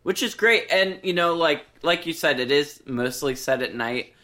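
A man co-hosting a podcast, talking through a film in a relaxed, thoughtful way. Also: on the high side. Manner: unhurried, thoughtful, mild disagreement. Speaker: podcast co-host. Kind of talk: casual movie discussion.

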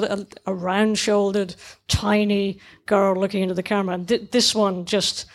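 A middle-aged woman chatting casually and enthusiastically about cartoons, rambling with many restarts. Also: medium pitch.

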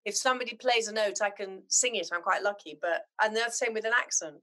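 A middle-aged woman from Zimbabwe, chatting as a podcast guest and telling animated, heartfelt stories. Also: mid-range voice, fast talker. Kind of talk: casual chat.

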